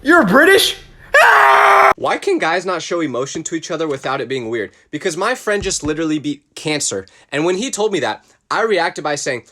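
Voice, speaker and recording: A young man telling funny stories as a comedian, animated and acting out voices. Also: a little high, a little fast, hardly any pauses, a little hiss or hum. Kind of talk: comedic storytelling monologue.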